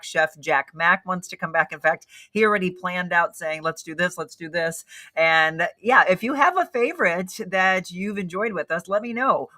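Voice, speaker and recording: A woman's voice: fairly low pitch, pushed and bright. A woman hosting a casual cooking segment, upbeat and chatty, laughing often as she talks to her guest and viewers. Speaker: TV show host.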